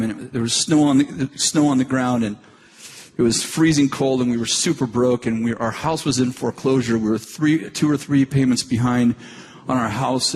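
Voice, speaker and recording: A man's voice: medium pitch, big-room sound, slight background noise. Brief: middle-aged male preacher, conversational and emphatic, faint ambience behind. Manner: conversational, repeats and restarts, emphatic. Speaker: pastor. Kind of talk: sermon storytelling.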